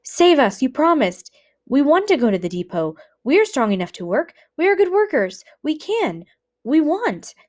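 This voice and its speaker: A woman doing frantic begging prisoners, high and shrill. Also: very animated, normal speed, darkish tone. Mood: pleading. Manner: pleading, frantic. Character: desperate male prisoners begging to live.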